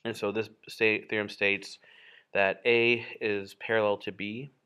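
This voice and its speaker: A man's voice: fairly low pitch, flat delivery, measured pace, bright, forceful tone, smooth. A man teaching a geometry lesson while drawing, in a casual, explanatory way with frequent fillers and self-corrections. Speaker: math teacher.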